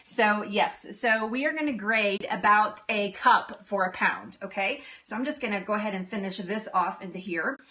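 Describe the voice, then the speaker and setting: Bright, giggly woman hosting a cooking stream. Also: medium pitch, normal speed, hardly any pauses. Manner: chatty, giggly, answers viewer comments. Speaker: cooking show host. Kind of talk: live-streamed cooking demo. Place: home kitchen.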